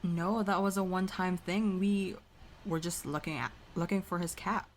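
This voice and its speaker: Low-voiced woman playing a tabletop game. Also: steady tone, moderate pace, a little hiss or hum. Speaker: player. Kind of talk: tabletop role-play.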